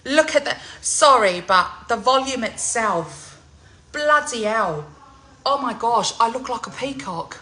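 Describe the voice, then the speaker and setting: Woman, forties, bright and lively, giddy loud salon-vlog chatter. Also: on the high side, a little slow, slight background noise, low-quality recording. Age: 40s. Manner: giddy, loud, laughing, swearing freely. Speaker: singer. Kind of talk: excited salon vlog chat.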